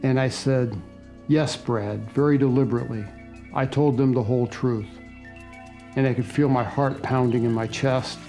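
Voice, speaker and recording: An older man telling his own experience in a documentary interview, in a slow, reflective storytelling manner. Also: medium pitch, steady tone, warm tone, faint music behind. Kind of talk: documentary testimony.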